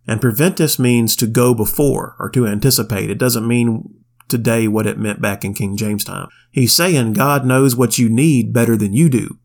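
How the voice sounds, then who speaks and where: A man's voice: medium pitch, normal speed, vocal fry, darkish tone. A man co-hosting a Bible podcast, giving casual commentary with wry, plainspoken asides. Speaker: podcast co-host.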